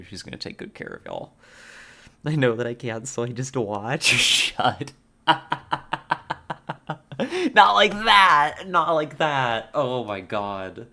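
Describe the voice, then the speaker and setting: A man's voice: on the low side, a bit bright. A man streamer chatting casually with his viewers as he ends his stream, rambling and playful and laughing often. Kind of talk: casual stream sign-off chat.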